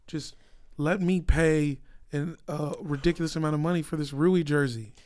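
A man's voice: on the high side, normal speed. A young man co-hosting a podcast, chatting casually with friends, joking and swearing a lot. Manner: profane, joking, animated. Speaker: podcast co-host. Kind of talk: casual chat.

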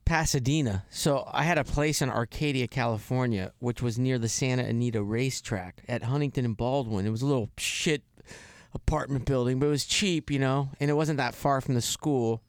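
Gravelly storytelling man. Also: mid-range voice, fairly quick, dry recording, studio quality. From Florida. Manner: rambling, laughs often, mimics voices in anecdotes. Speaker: guest. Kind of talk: storytelling in casual chat.

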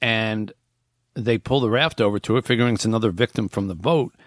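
A man's voice: fairly low pitch, a little fast, no echo, studio quality. A man hosting a podcast, casually retelling a book's plot with frequent fillers and restarts. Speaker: podcast host.

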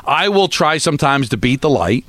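A man's voice: fairly high pitch, sing-song, moderate pace, a bit bright, no room sound. A man co-hosting a radio show, talking in a sheepish, confessional, self-deprecating way. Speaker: radio co-host. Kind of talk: casual radio banter.

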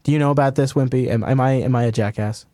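A man's voice: mid-range voice, steady tone, fast talker, warm tone, no room sound, studio quality. A man hosting a tech podcast in casual chat, rambling and laughing at himself. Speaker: podcast host.

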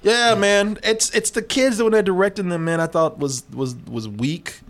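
A man's voice: sits high, moderate pace. A man co-hosting a casual movie review chat, laughing often and swearing loosely. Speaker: podcast co-host.

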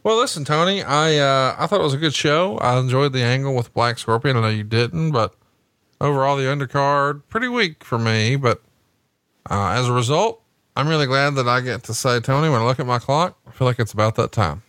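A man's voice: medium pitch, lively intonation, brisk, a bit bright, smooth, dry recording. A man hosting a podcast, joking and teasing his co-host with crude humor. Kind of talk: casual podcast banter.

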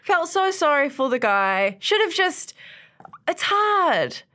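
A young woman co-hosting a casual podcast, telling stories with animated, laughing delivery. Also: sits high, takes it slowly. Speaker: podcast co-host. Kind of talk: casual chat.

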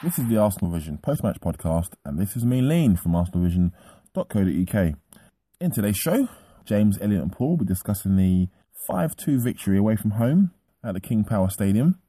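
A man's voice: fairly low pitch, sing-song, brisk, mellow, husky, dry recording. A man introducing a football podcast, giving a chatty, upbeat summary of the match. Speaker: podcast host introducing the show. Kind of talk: solo show introduction.

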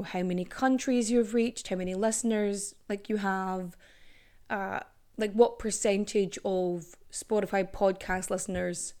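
A woman's voice: mid-range voice, a little mellow. A young woman hosting a solo podcast, chatty and jokey, swearing freely and breaking into playful asides. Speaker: podcast host. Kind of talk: casual solo podcast monologue.

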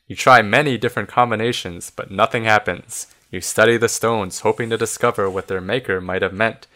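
A man reading a children's adventure book aloud, animated and doing voices for each figure. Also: on the low side, a little fast, few pauses. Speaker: reader of a gamebook.

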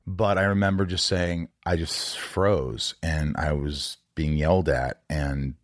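Speaking slowly in a rumbling low voice with fairly even intonation, this podcast host conducts a candid interview. He's confessional and frank, swears casually, and often restarts his sentences. The sound is clean studio audio with no room sound.

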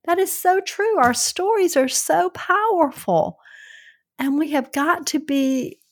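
Speaking very slowly in a very high-pitched voice, this Southern US woman in middle age co-hosts a laid-back podcast. She comes across as sincere and heartfelt.

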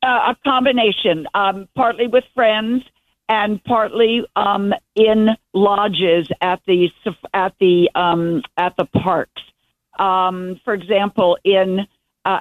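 In a casual phone interview, an older woman working as a guest journalist happily rambles through her stories. Her voice is medium-pitched, with no echo on the dry, tinny line.

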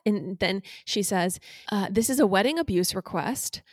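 A woman's voice: medium pitch, lively intonation, normal speed, no room sound, studio quality. A young woman co-hosting a podcast, telling a story animatedly and acting out quoted dialogue in casual chat. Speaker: podcast co-host.

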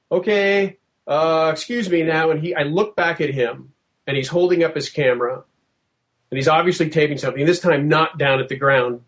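A middle-aged man telling a long first-hand story in a podcast interview, vivid and animated, acting out what people said. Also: on the high side. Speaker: podcast guest.

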